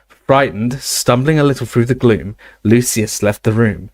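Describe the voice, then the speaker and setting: A man narrating a fantasy novel aloud, steady, with occasional slips and restarts. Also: medium pitch, unhurried, no room sound. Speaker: audiobook reader. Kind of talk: casual audiobook narration.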